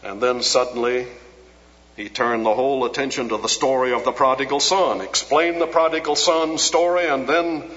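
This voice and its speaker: A man preaching a sermon, retelling a story with dramatic rises for quoted lines and sinking low and soft when he prays. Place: large auditorium. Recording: dull lo-fi sound with long hall reverb.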